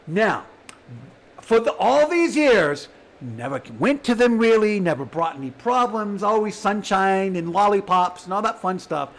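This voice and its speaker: Guy with a high voice venting his story, goes quiet then yells, acts out what people said. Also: very animated, normal speed. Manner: swings between quiet and shouting, voices others in quotes. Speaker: vlogger telling his own story. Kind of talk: emotional personal monologue.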